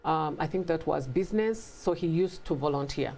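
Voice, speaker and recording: A woman's voice: deep voice, expressive, moderate pace, darkish tone, a little hiss or hum. A middle-aged woman with a mixed African and British accent, a guest telling her story in a conversational interview and acting out quoted voices.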